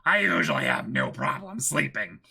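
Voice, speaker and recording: A man voicing a calm, fussy adult male villain who introduces himself in a measured, orderly monologue, an anime impression. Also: medium pitch, creaky, slightly rough, exaggerated voice. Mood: composed.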